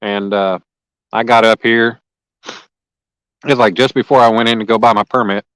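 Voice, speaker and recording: A man's voice: lowish voice, fairly even intonation, normal speed, a bit bright, clean tone, dry recording, poor audio. A man, hosting a fishing livestream outdoors and chatting casually and folksily with viewers by name. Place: lakeside outdoors.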